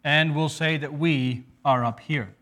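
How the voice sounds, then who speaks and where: A male preacher delivering a sermon to his congregation. His voice sits a little higher than most men's. He speaks earnestly, often stopping to restart a thought or to read scripture aloud. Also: fairly even intonation, measured pace, sharp tone.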